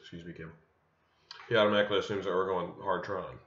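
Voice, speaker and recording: A man's voice: deep voice, steady tone, fast talker, fairly bright tone. A man casually commentating his own card game, thinking aloud to himself. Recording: roomy, dull lo-fi mic.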